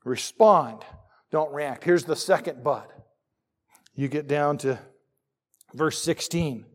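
A middle-aged male pastor preaching in church, with a voice pitched a bit high for a man. He is lively and jokey, and he reads scripture aloud between asides. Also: takes it slowly. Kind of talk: sermon.

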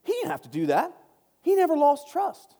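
A man's voice: very high-pitched, wildly swooping pitch, moderate pace, warm tone. A man giving a casual Bible study talk, chatty and joking, often breaking off into asides. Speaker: Bible teacher. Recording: long reverb.

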